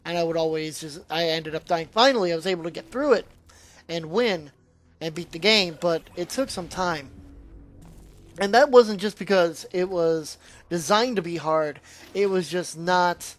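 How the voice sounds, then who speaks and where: A man's voice: a little high, moderate pace. A man giving a casual, rambling spoken review of a video game, often trailing off and restarting his sentences.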